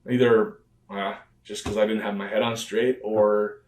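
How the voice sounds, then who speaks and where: Speaking in a low, level, darkish voice at a measured pace, this wrestler tells loose, filler-heavy stories about old conversations during a conversational interview. The recording picks him up from a distance in an echoey room.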